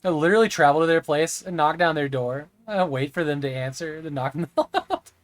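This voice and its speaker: Guy streamer rambling to chat while he plays, slightly high voice, dry close sound. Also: brisk, no room sound. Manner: rambling, chatting with viewers; occasionally stammers over words. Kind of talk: live gameplay stream chat.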